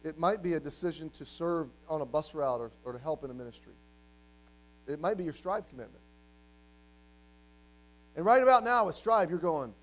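A man in his forties preaching a sermon as a youth pastor, animated, acting out the voices of doubters and the devil. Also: a little high, a little fast, pauses often, soft background music, rough recording.

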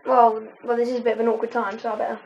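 Rapid-fire woman, lo-fi sound. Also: a little high, flat delivery, darkish tone, slight background noise. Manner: steers the talk back on topic. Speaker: podcast co-host. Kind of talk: casual podcast chat. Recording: dull lo-fi sound.

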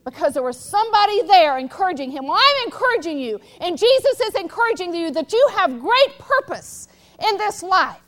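Female pastor, very high voice, emphatic preaching style in a church. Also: sing-song, brisk. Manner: emphatic, rising to loud exhortation. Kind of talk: sermon. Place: church sanctuary.

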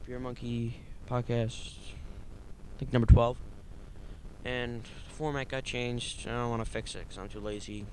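A man hosting a silly amateur podcast, casual and exasperated in his delivery. A faint hiss sits under his mid-pitched voice. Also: a little mellow, low-quality recording. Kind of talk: casual comedy banter.

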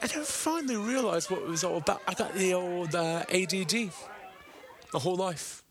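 A man doing a rambling comedic monologue as a podcast host, slipping into high silly voices when he quotes people. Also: moderate pace. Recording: loud background noise.

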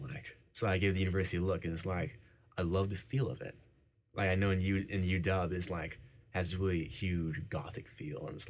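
A man's voice: low-pitched, breathy edge. A young man, a university student, answering interview questions casually and rambling with many fillers. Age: young adult.

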